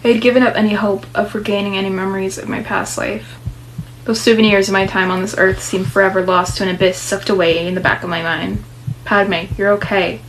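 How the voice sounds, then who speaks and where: Young woman, story game reader, casual and playful, mid pitch. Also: slight background noise, rough recording. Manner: chatty, playful asides. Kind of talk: casual story reading with asides.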